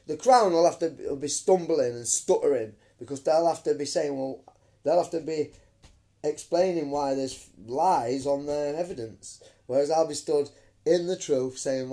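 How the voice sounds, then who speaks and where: A man's voice: fairly high pitch, moderate pace, mellow. A man, ranting emphatically into his phone camera on a live stream, swearing and calling listeners mate. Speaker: vlogger.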